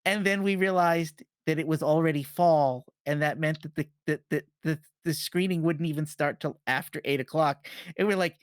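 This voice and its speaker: Animated parent telling a podcast anecdote, dry sound. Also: medium pitch, moderate pace, few pauses, dry recording. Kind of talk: casual storytelling chat.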